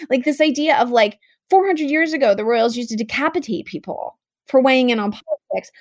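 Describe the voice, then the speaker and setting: A woman's voice: high voice, no room sound. Outspoken young American woman, dry sound. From United States. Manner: animated, outspoken, fast-talking with many "like"s. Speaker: guest. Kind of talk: casual conversation.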